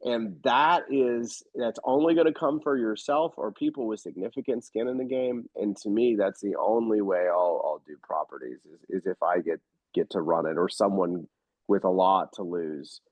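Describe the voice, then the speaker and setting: In a casual interview, a real estate investor with a lowish voice speaks at normal speed, spinning animated stories in a blunt, emphatic manner. No room sound can be heard, and the audio is dry and a touch dull.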